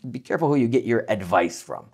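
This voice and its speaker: A man teaching vocal warm-ups as a voice coach, with an energetic, demonstrative coaching manner. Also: fairly low pitch, fast, vocal fry, breathy edge. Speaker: voice coach and keynote speaker. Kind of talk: instructional talk to camera.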